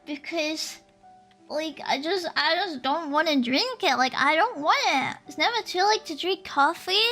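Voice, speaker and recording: A young woman chats with her stream audience in a very high, bright voice, giggly and playful. She talks at an unhurried, drawn-out pace, and soft lo-fi music plays faintly underneath. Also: lively intonation. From Sweden. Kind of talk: casual chat while reading viewer comments.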